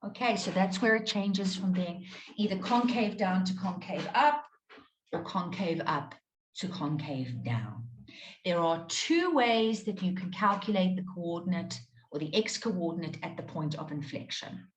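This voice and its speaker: A woman's voice: lowish voice, expressive, measured pace, a little hiss or hum. Patient woman teaching maths in a roomy space. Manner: patient, checks in with students often. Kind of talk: live online maths lesson. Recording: roomy echo.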